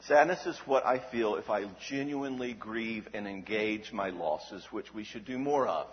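A Christian speaker on emotional health gives an emphatic, animated teaching talk, posing rhetorical questions and checking in with "all right?". His low-leaning voice moves at a moderate pace. The dull recording has long hall reverb and a little hiss or hum.

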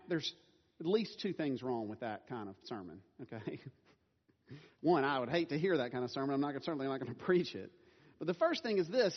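A middle-aged man preaching a sermon as a pastor, casual and self-deprecating, laughing now and then. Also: on the high side. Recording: dull sound with long hall reverb.

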